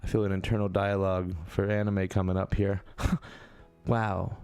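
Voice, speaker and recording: A man's voice: low voice, steady tone, brisk, vocal fry, darkish tone, dry recording. A man hosting a casual live stream, chatting playfully with viewers and joking around.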